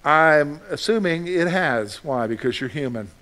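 A man's voice: on the high side, expressive, measured pace, bright, forceful tone. A man preaching a sermon in a conversational way, asking his congregation questions and acting out short voices. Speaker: pastor.

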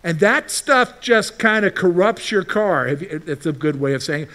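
A male pastor preaching a sermon in a lively way, often putting rhetorical questions to the congregation. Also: high-pitched, normal speed.

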